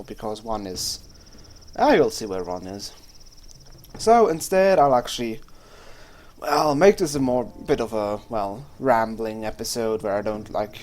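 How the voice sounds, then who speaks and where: A man's voice: lowish voice, a little mellow. A young man chatting casually over his gameplay as a let's play host, rambling, swearing freely and often trailing off mid-sentence. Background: faint game music.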